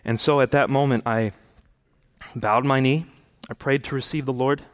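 A man's voice: medium pitch, steady tone, normal speed. A man giving a sermon about his own conversion, telling it earnestly and rising to impassioned preaching. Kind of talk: testimony sermon.

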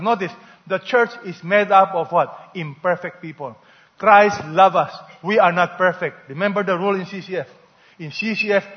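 A male pastor preaching a sermon, emphatic and drawing responses from the congregation. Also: high-pitched. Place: church hall. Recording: dull lo-fi recording in a reverberant church hall.

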